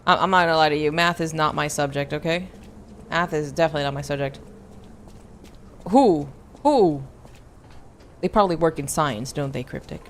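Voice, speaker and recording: A woman's voice: deep voice, steady tone, fast talker, fairly bright tone, slight background noise. Playful woman streamer. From United States. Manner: playful, chatty, reads and answers chat. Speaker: VTuber streamer. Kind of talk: casual gameplay stream chat.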